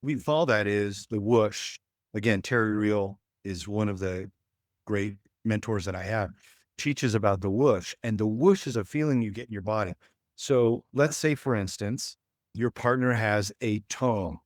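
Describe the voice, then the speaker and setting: A man with a lowish voice coaches couples before a live audience. He talks in a folksy way and slips into little acted-out exchanges. The sound is dry and close. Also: measured pace, no room sound. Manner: folksy, acts out quoted dialogue. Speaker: relationship coach. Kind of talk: workshop talk to a live audience.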